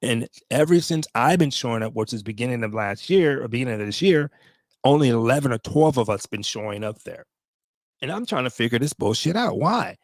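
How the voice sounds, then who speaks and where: A man's voice: medium pitch, expressive, a little fast, no echo. A man in his fifties, a veteran vlogger, tells a story to his viewers in a blunt, profane way, with emotional asides.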